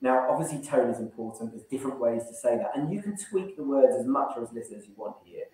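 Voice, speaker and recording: A man's voice: medium pitch, lively intonation, quick pace, a little mellow, far from the mic. A man running an online sales training session, coaching and acting out phone call openers. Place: room, online event. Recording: very echoey room.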